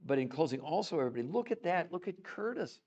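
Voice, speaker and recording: A man hosting a live stream, chatting with viewers and greeting them by name in an excitable, animated way, laughing often. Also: a little high, fast talker, dull audio. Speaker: livestream host. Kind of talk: enthusiastic live-stream chat.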